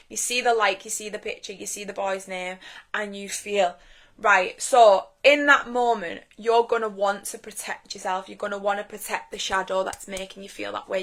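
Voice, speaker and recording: A woman's voice: mid-range voice, fairly bright tone. A young woman giving a casual live-stream talk on inner healing from her phone, chatty and straight-talking, swearing freely.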